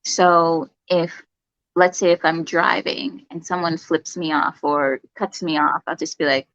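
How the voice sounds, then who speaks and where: A woman who is a nurse, a guest in a casual interview chat, talking in a calm, reflective way with many fillers. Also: sits low, a little slow, no room sound, dull audio.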